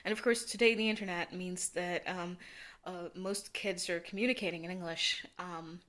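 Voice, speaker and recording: A woman's voice: lowish voice, steady tone, normal speed, fairly bright tone. A Norwegian woman in her thirties, a native Norwegian speaker with a learned General American accent, rambling casually and hesitantly with many ums and restarts. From Norway. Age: 30s. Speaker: vlogger.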